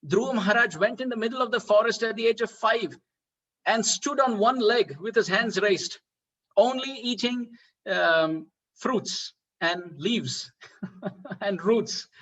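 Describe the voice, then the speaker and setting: A man's voice: high voice, unhurried, fairly bright tone, highs cut off. A man giving a devotional lecture, asking rhetorical questions and chuckling often. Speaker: spiritual speaker.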